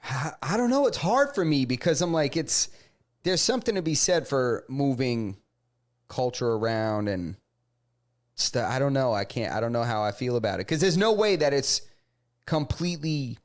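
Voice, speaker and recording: A man's voice: medium pitch, animated, normal speed. A man from New York co-hosting a podcast in casual chat, laid-back, laughing often and calling his friend "bro". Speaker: podcast co-host.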